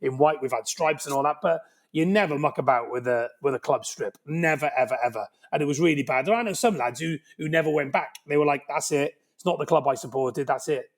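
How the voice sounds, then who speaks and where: A man in his fifties from Wales with a Cardiff Welsh accent, telling animated stories as a podcast guest. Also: fairly high pitch, a little fast, few pauses. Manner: animated, lively anecdote-telling with frequent "right?". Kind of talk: podcast interview storytelling.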